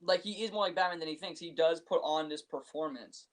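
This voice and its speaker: High-voiced, animated young man. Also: brisk. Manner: animated storyteller, acts out scenes in excited voices. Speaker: podcast co-host. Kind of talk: casual chat.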